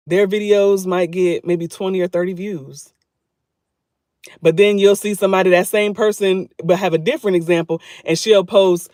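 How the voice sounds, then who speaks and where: A man's voice: high voice, brisk, darkish tone, no echo, clean studio sound. A man talking casually to his viewers on a livestream, repeating phrases for emphasis. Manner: chatty, talks straight to viewers. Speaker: YouTube livestreamer.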